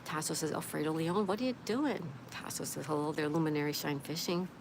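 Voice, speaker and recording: A woman with a low, gravelly voice hosts a relaxed livestream chat. She reads out viewer comments one after another and replies to each in a friendly, chatty way. Steady background noise runs under her voice. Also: a little fast. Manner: reads viewer comments aloud and answers them. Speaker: livestream host.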